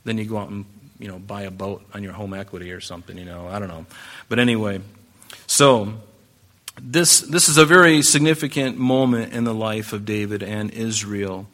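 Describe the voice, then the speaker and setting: A man's voice: fairly low pitch, moderate pace, a bit bright. A man preaching a conversational Bible-teaching sermon, with asides and rhetorical questions to the congregation. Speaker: pastor.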